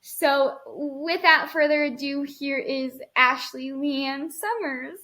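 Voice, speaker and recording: Young woman podcast host; bright, high voice; casual teasing chat. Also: slow pace. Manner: chatty, teasing.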